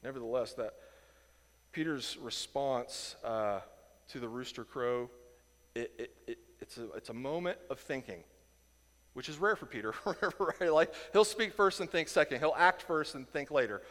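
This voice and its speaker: A man from Indiana teaching a Bible lesson in a casual, animated way, acting out the people in the story and chuckling as he goes. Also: medium pitch, moderate pace, big-room sound. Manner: animated, acts out quoted voices, chuckles.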